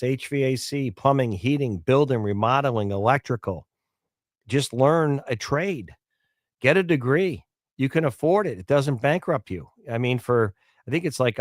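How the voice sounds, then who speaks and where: A man's voice: mid-range voice, dry recording. Talkative male radio host, dry mic. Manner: conversational, rambling with fillers and repeats. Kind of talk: talk radio commentary.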